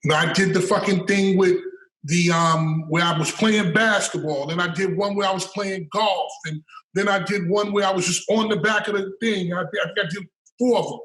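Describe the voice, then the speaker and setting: A man's voice: high-pitched, fairly even intonation, moderate pace, a bit bright, far from the mic. A man as a podcast guest, telling stories in a casual interview, emphatic and profane, often repeating words as he builds a point. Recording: roomy and off-mic.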